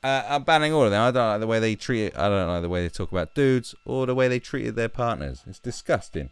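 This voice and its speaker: A British man with a deep voice talks bluntly and crudely in casual commentary, mocking other people's voices as he goes. His delivery swings widely and animatedly. The room sounds dry and close. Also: expressive, fast, smooth, no room sound. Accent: British English. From Britain. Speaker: commentary video host.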